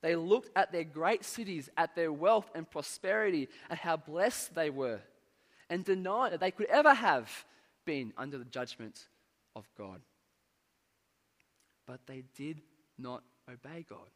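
A man delivers an earnest sermon in a slightly higher-than-usual voice. His phrasing is measured and builds emphasis before dropping low at the ends of thoughts. The sound carries a long hall reverb. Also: animated. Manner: earnest, measured preaching with rising emphasis and falling endings. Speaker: preacher.

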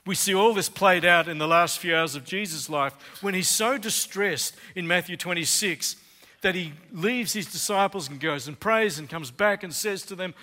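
Bright-voiced preacher in reverberant hall. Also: male voice, sits high. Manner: earnest, dramatic pauses with swings from loud to hushed. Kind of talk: sermon.

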